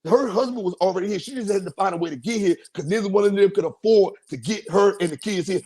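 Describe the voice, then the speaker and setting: A podcast host tells a story in a casual, slangy way, acting out quotes in a raised voice. His voice sits high, is husky, and moves fast, and his delivery is animated.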